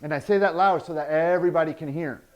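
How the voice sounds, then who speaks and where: Man, workshop instructor, slightly high voice, blunt, emphatic, drives points home by repeating them. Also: fast talker, a little mellow, highs cut off. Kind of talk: teaching an outreach workshop.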